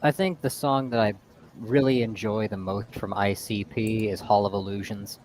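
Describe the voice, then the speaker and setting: A man's voice: fairly low pitch, fairly even intonation, normal speed, a little mellow. A man in easygoing casual chat, hosting a stream. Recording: faint background noise.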